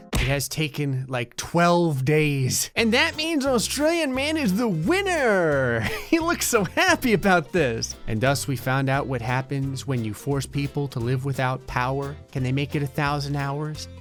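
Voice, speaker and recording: A man's voice: on the high side, expressive, a bit bright, faint music behind. Sarcastic man doing gameplay commentary. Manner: sarcastic, jokey, voices the game characters in quick asides. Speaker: gaming channel host.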